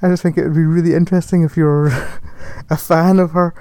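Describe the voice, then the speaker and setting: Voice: medium pitch, level tone, a little fast, dark tone, no room sound. A person chatting casually about a film, rambling, correcting themselves and laughing often. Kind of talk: casual film review chat.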